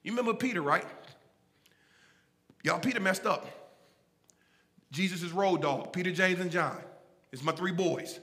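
A man preaching a sermon in a church, animated and folksy, calling out to the congregation and swinging between shouts and low asides. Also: measured pace, pauses often, long reverb tail. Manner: casual, folksy phrasing. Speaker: pastor. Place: church sanctuary.

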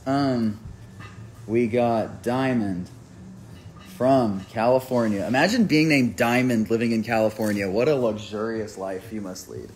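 A man's voice: fairly low pitch, a little mellow, slight background noise. A man chatting casually on a phone live stream, rambling with lots of "like" and reading out viewers' names and hometowns. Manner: rambling, filler-heavy, reads out viewer names. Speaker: musician streaming a merch live.

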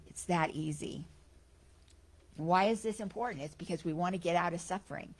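A woman giving a Sunday spiritual talk, telling stories in a chatty, animated way. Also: fairly low pitch, moderate pace. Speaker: guest speaker at a spiritual center.

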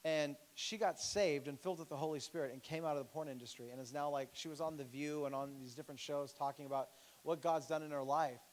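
A man who pastors a church, preaching a sermon with animated stories and emphatic appeals. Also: a little high, fast, poor audio. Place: church sanctuary.

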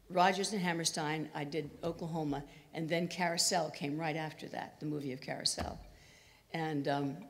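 A woman in her eighties giving a chatty talk full of anecdotes, acting out the quoted lines of people in her stories. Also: low voice. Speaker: guest speaker. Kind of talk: storytelling talk. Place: university lecture hall. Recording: reverberant hall.

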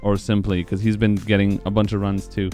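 A young man streaming live, excited and out of breath from laughing, swearing freely as he celebrates. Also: fairly low pitch, brisk, soft background music. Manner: excited, profane, laughing between lines. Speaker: speedrun streamer.

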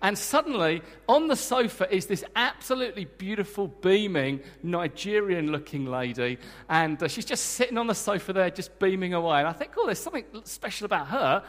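Male preacher, lively and joking, high voice, long hall reverb. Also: normal speed. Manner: energetic, emphatic, joking with the congregation. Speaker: guest preacher. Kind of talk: sermon. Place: church hall.

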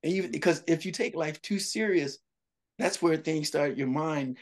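A comedian telling jokey, animated stories in an interview, often repeating himself. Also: male voice, fairly high pitch, normal speed. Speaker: comedian guest. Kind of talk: storytelling in an interview.

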